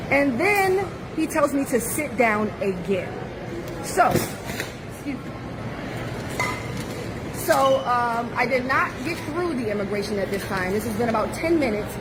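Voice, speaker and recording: A woman from the United States speaks in a slightly raised voice, hurt and earnest, close to tears. She keeps restarting her sentences as she recounts her story. Loud crowd chatter and traffic fill the open air around her. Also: fairly high pitch. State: upset, near tears. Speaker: tourist being interviewed. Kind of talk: emotional street interview account. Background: loud crowd and passing vehicles.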